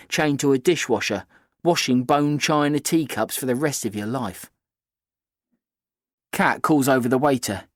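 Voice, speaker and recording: Male narrator, mid pitch, dry close reading, steady storytelling. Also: no echo. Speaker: audiobook narrator. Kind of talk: scripted first-person narration.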